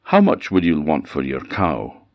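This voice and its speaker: Man doing a foolish cheerful old husband, eager, easily delighted, lively pitch, dry room. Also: unhurried, no echo, full character voice. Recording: dull dry lo-fi recording.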